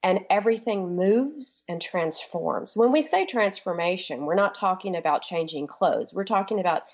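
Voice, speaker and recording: A woman's voice: lowish voice, animated, normal speed, a little mellow. Enthusiastic woman coach on lo-fi radio. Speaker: guest, transformation coach. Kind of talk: casual radio interview.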